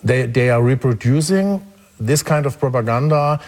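A man's voice: medium pitch, expressive, moderate pace, darkish tone, long reverb tail. A man with a German accent, a theatre director, speaking earnestly in an interview.

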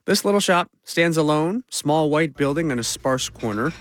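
A male reporter narrating a news feature in a measured, conversational way. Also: on the high side, expressive.

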